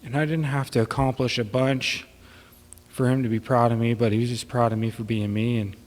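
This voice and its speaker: A man delivers an unscripted eulogy in a church, his voice sitting at an ordinary middle pitch. He rambles with many fillers, slipping between tearful laughter and quiet sadness. A long reverb trails each phrase through the room. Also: fairly even intonation, a little fast. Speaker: son giving a eulogy. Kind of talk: informal memorial speech. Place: church hall.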